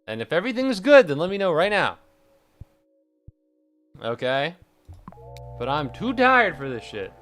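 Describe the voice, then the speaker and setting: A man streaming casually, sarcastic and swearing often, swinging from mock-angry rants to quiet deadpan asides, sounding tired and stressed. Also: fairly high pitch, unhurried, pauses often, faint music behind. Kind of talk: casual live-stream chat.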